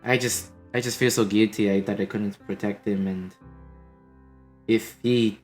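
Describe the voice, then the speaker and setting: A man voicing a worried, guilt-ridden woman adventurer in a tabletop game, speaking haltingly with many restarts. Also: fairly low pitch, steady tone, a little mellow, soft background music, close to an everyday voice. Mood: worried, guilty.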